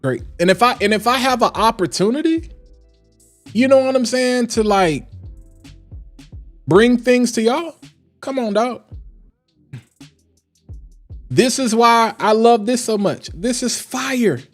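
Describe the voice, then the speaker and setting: A man reviewing fragrances on a casual live stream, talking in an animated, emphatic and slangy way. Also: very high-pitched, slow pace, pauses often, soft background music.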